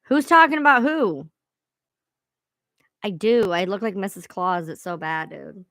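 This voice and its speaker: Bright-voiced woman live-streaming, chatty and profane. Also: medium pitch, expressive, a little slow, no echo, clean studio sound. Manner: chatty, swears freely, laughs at herself. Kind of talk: casual live-stream chat. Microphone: own streaming mic sounding odd.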